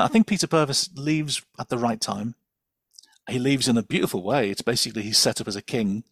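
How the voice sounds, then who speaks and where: A man's voice: mid-range voice, no echo. A man speaking as a guest expert in a casual podcast chat, chatty and enthusiastic, with lots of fillers and laughter.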